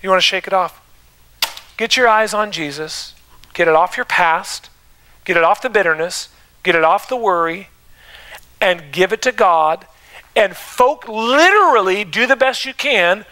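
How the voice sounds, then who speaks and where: A man's voice: high voice, unhurried, long pauses, pushed and bright, poor audio. A man pastor preaching a sermon in a church, calling out questions to the congregation and building emphasis. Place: church sanctuary.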